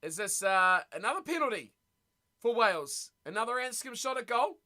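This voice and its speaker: A man hosting a live watch party stream, reacting excitedly to a rugby match and chatting with viewers. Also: extremely high pitch, normal speed. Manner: excitable, chatty, reads viewer messages aloud.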